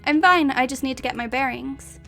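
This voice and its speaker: Girl reading as a flustered young woman, stammery, high voice. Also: a little fast, creaky, bright, forceful tone, soft background music, exaggerated voice. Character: nervous young woman meeting an old classmate.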